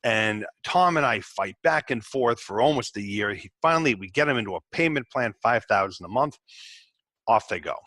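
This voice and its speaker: A man hosting a podcast for tax professionals, telling candid work stories in a casual way, cursing now and then and acting out quick exchanges with his clients. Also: on the low side, lively intonation, pushed and bright, no echo. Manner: candid, swears, acts out clients in quick asides. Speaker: tax resolution podcast host. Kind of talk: casual storytelling to fellow practitioners.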